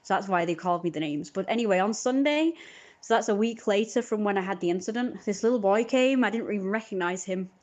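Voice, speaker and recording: A woman's voice: mid-range voice, fast talker. A woman on a live stream, telling a long rambling story in an indignant tone.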